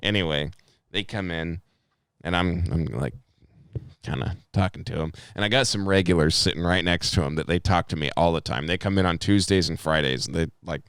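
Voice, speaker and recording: A man's voice: low-pitched, a little fast, fairly bright tone, clean tone, no echo, studio quality. A man in his twenties co-hosting a podcast, telling a long rambling story in casual chat and swearing a lot. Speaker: podcast co-host.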